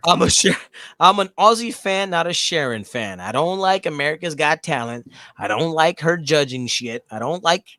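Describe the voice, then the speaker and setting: Rowdy man in his forties who swears freely; very lively pitch, dry close sound. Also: unhurried, no echo. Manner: loud, profane, boisterous storytelling. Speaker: co-host. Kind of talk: casual chat.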